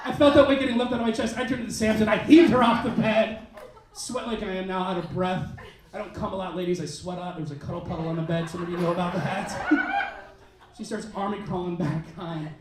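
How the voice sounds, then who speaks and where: A man doing a stand-up comedy set in a club, telling a crude story in an animated way and shouting his punchlines. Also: high-pitched, a little fast. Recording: roomy club sound, mic heard from a distance, crowd laughing. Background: audience laughter.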